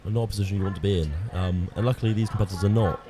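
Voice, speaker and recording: A man's voice: deep voice, steady tone, rapid-fire. A young man co-commentating at an outdoor rowing regatta, rambling with many fillers. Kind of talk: casual live commentary. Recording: outdoor mic with clear crowd noise.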